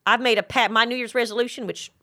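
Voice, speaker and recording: A middle-aged woman hosting a casual interview chat, blunt and profane with quick asides. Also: fairly high pitch, steady tone, bright, forceful tone. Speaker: podcast host.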